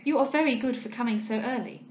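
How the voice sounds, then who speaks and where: A woman's voice: on the high side, fast talker, echoey room, lo-fi sound, a little hiss or hum, close to an everyday voice. A woman voicing an anxious, earnest young heiress in a novel reading, asking urgent, pleading questions.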